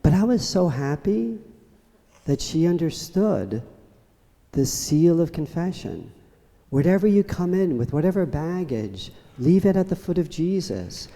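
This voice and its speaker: Priest giving a homily in a church. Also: male voice, fairly high pitch, big pitch swings, a little slow, warm tone. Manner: storytelling with humor. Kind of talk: sermon. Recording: church reverb.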